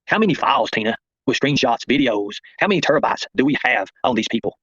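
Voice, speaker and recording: A man rattles off a confrontational livestream monologue at a very fast clip. His voice sits at a middling pitch, and the sound is close and dry. The audio is dull and lo-fi. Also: expressive, fairly bright tone, breathy edge, no echo. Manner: confrontational, addresses viewers and chat by name. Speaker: livestream host.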